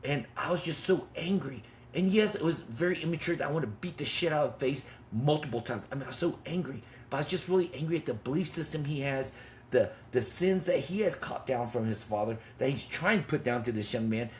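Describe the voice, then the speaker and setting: A man's voice: mid-range voice, lively intonation, brisk, slight background noise. A man in his fifties telling a personal story with intensity and blunt, swearing talk, as a men's ministry leader. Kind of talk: testimony in conversation.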